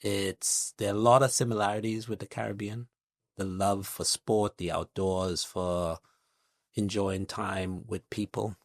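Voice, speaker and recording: Low gravelly-voiced man, measured. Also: fairly even intonation, no echo. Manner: measured, builds thoughts with analogies and lists. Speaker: guest, investor. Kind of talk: reflective interview talk.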